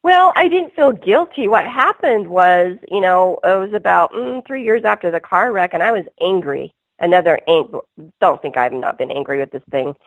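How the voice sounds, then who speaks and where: A woman's voice: on the low side, expressive, normal speed, dry recording. A woman guest on a call-in radio interview, telling her story earnestly in a rambling way, full of restarts. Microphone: phone. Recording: tinny phone line.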